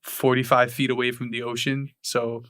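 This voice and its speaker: A young man co-hosting a podcast, talking in casual chat, halting and restarting phrases, with the odd swear word. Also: mid-range voice, little pitch movement, fairly bright tone, no echo, clean studio sound. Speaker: podcast co-host.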